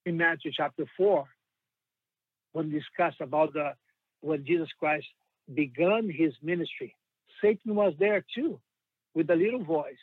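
A man's voice: on the high side, no room sound. Earnest male preacher with tinny, phone-like sound. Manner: earnest, emphatic, slows on quoted scripture. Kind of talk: sermon.

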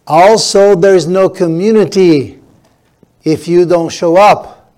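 Slow, deliberate preaching man. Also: high voice, warm tone. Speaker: pastor. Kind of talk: sermon.

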